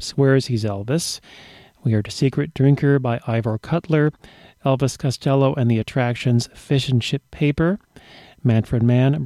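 A man's voice: medium pitch, mellow, no echo. Male radio DJ, casual and self-mocking, dry booth sound. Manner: rambling, jokey and self-mocking. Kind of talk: casual radio show patter.

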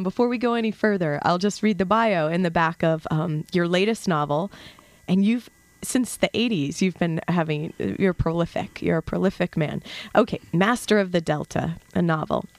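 A woman's voice: on the low side, no echo. Hesitant female radio host. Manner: hesitant, many fillers and restarts. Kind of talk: radio interview. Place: radio studio.

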